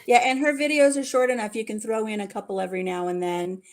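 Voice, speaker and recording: A woman's voice: medium pitch, steady tone, fast talker. A woman hosting a casual live stream chat from home over a video call, chatting and readily agreeing with her guest. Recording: loud background noise, barking dogs. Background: dogs barking.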